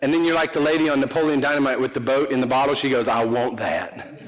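A pastor preaches in a casual, joking style, poking fun at himself and quizzing his listeners. His medium-pitched voice rings with the long reverb of a large hall. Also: fairly even intonation, very fast. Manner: conversational, joking, self-deprecating, asks the congregation questions. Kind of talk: sermon. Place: church sanctuary.

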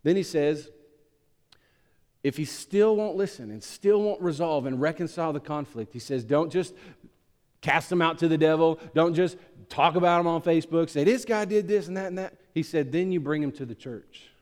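Preaching man with a slightly high voice, big hall reverb. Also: moderate pace. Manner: impassioned preaching, swinging between loud emphatic peaks and hushed low asides. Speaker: pastor. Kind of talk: sermon.

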